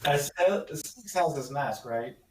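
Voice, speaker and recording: A man's voice: on the high side, animated, a little slow, background noise. A man playing a tabletop game, chatting casually and often saying "like" and swearing. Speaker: player. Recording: roomy, distant mic.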